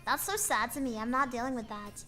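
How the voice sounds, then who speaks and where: A young female VTuber with a high, very bright voice chats casually while drawing on stream. She talks fairly quickly in a rambling, playful, self-mocking way, full of fillers, with soft music playing behind her.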